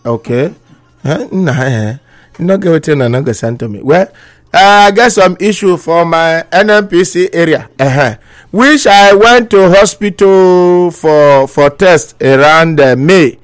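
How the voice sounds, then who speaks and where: Nigerian man, pidgin accent, slightly higher voice, comic mock-bishop on a live stream, laughs a lot. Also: measured pace. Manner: playful mock preaching, laughs often between lines. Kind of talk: live-stream comedy, reading viewer comments.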